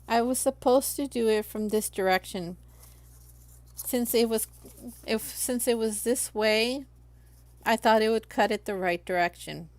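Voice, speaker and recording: Slow-talking chatty woman crafter. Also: mid-range voice. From Los Angeles. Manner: chatty, talks viewers through each step. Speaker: crafting live streamer. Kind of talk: casual live-stream crafting chat.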